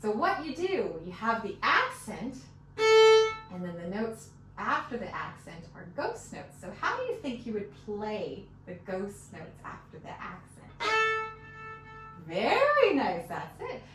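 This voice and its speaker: A woman's voice: medium pitch, wildly swooping pitch, slow pace, a bit bright, soft background music. A woman teaching a fiddle lesson, patiently encouraging and counting beats aloud, with fiddle playing behind her. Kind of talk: one-on-one music lesson. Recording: echoey room, mic at a distance.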